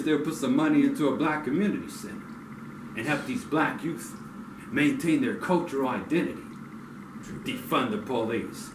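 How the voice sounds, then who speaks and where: Blunt, profane man in an echoey space. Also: medium pitch. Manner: blunt, profane, rising to angry outbursts. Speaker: community speaker. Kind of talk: impassioned street talk. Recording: echoey, distant mic with noise.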